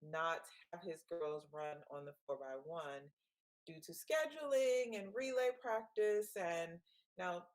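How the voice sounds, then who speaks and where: A woman co-hosting a casual live chat in an animated, gossipy way. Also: on the low side, slow pace, rough recording. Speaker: co-host.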